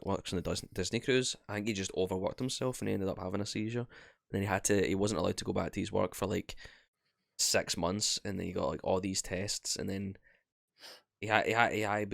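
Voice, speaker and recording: A man's voice: deep voice, gravelly, dry recording, studio quality. A young man co-hosting a podcast, reacting to stories and chatting casually. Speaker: podcast co-host. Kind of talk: casual chat.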